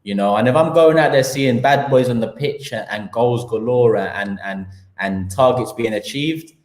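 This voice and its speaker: A man with a London accent hosts a live football talk stream, ranting in a slangy, heated way and stacking up his points. His voice sits at a middle pitch. The room around him is echoey. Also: normal speed, darkish tone.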